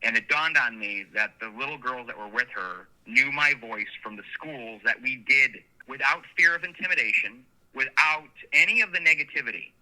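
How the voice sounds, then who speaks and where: Bright-voiced man telling stories by phone. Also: medium pitch, normal speed, hardly any pauses. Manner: long anecdotes, earnest and animated. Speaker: sheriff candidate, guest. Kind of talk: casual interview storytelling. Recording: phone line.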